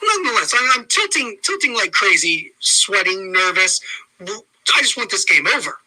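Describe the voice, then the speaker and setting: A man's voice: sits high, moderate pace, rough recording. A man telling a sarcastic, comedic rant on a podcast. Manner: animated, sarcastic storytelling.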